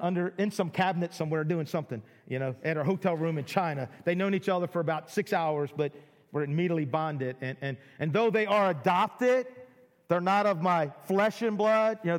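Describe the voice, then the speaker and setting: A middle-aged man preaching a sermon, excitable and full of repeated words as he acts out people's amazement. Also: high-pitched. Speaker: pastor. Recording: long hall reverb.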